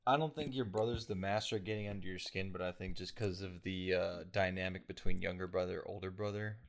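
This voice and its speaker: A man's voice: sits low, fairly even intonation, brisk, creaky. A young man co-hosting a podcast, laid-back and teasing in casual chat. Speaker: podcast co-host.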